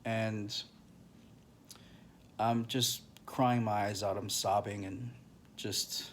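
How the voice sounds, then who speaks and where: A grieving man telling a personal story to camera in a halting, emotional way, with many pauses and restarts. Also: lowish voice, fairly even intonation, a little hiss or hum.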